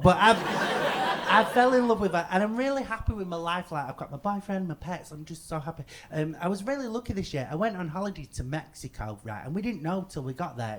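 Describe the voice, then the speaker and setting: A man in his thirties with an English accent, doing a stand-up comedy set. He talks in an animated way and rises to loud outbursts for punchlines. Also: a little high. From England. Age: 30s. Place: comedy stage before a live audience.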